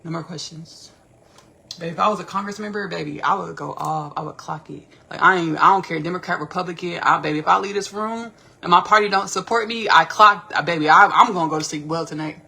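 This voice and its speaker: Woman host, casual live commentary; gravelly fry, bright edge, animated and rambling. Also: on the low side, fairly quick. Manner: animated, rambling, slangy, repeats herself. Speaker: podcast host.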